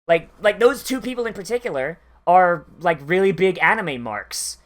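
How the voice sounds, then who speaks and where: A rambling anime reviewer who talks through a reaction in a loose, casual way. The speech swears often and keeps stopping and restarting its sentences, sitting at a middling pitch. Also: lively intonation, normal speed. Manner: rambling and profane, full of fillers and restarts.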